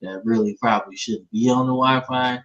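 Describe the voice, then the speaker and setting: Brisk and steady, this man's mid-range, slightly bright voice comes through dull, lo-fi stream audio from a remote-call streaming setup. As a podcast host, he keeps his football talk show relaxed and slangy, sprinkling in "man" and "bro."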